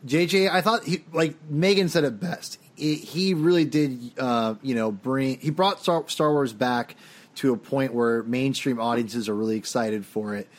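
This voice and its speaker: A man's voice: mid-range voice, normal speed. A man co-hosting a casual film podcast, rambling and opinionated, often restarting his sentences. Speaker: podcast co-host. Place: home, dog heard drinking behind him.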